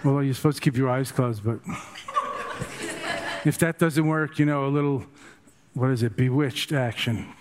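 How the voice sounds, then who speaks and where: A man's voice: medium pitch, moderate pace, long pauses, heavy background noise. An older man, a meditation teacher, giving a dharma talk full of humorous, rambling stories.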